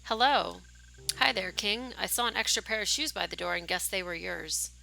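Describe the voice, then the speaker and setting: A woman voicing a calm, kindly mother, reading game dialogue aloud. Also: medium pitch, moderate pace, gravelly, no echo, rough recording.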